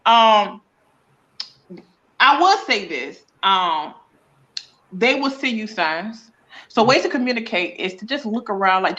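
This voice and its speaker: Bright-voiced psychic woman, slangy and animated. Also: medium pitch, muffled recording. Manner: animated, slangy, acts out little dialogues. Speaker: psychic medium guest. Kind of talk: casual interview chat.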